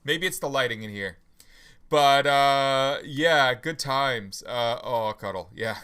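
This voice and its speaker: A man's voice: mid-range voice, slow pace, smooth. A man hosting a live talk stream, chatting casually with many fillers and restarts, sleepy and yawning. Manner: relaxed, rambling with many fillers. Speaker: host. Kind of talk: casual livestream chat.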